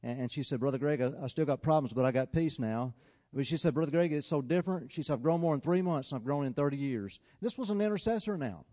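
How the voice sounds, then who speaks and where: A man preaching a sermon, telling a story and swinging between loud, urgent appeals and quiet, hushed passages. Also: a little high, fast talker, big-room sound.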